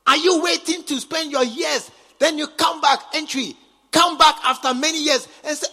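Fiery Ghanaian preacher in a cathedral. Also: male voice, very high-pitched, fairly even intonation, normal speed, vocal fry, in a large hall. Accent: Ghanaian English. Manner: emphatic, repetitive, swings from quiet to shouting. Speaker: bishop preaching. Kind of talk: sermon. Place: large cathedral.

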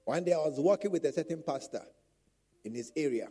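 Speaking briskly in a fairly high, husky voice, this pastor delivers a lively sermon to church leaders, hammering on repeated phrases and performing quotations.

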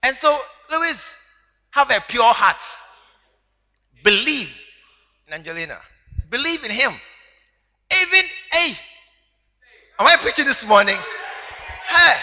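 A man preaching a sermon to a congregation, animated and teasing, laughing along with them. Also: very high-pitched, a little slow, pauses often. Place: church hall. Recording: long hall reverb.

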